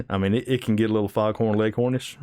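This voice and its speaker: Low-voiced man with a Southern American drawl. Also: fairly even intonation, fairly quick, dark tone. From Southern United States. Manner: rambling, restarts words often. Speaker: live streamer. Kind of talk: casual chat with viewers.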